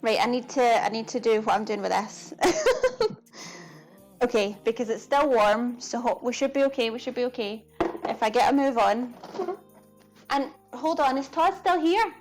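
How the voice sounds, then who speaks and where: A woman's voice: fairly high pitch, animated, moderate pace, long pauses, faint music behind. A woman chatting casually to her viewers during a live cooking stream, giggling often.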